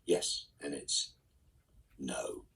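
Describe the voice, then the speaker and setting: A man reading fan questions aloud and answering them casually in a live online Q&A, often trailing off into soft asides. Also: very deep voice, lively intonation, drawn-out words, vocal fry, breathy edge, distant mic, rough recording.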